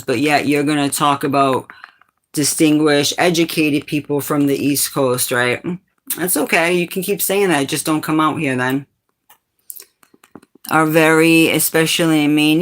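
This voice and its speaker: A woman from New England hosting a casual livestream, talking back to comments from chat in a low, sultry voice. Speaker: livestream host.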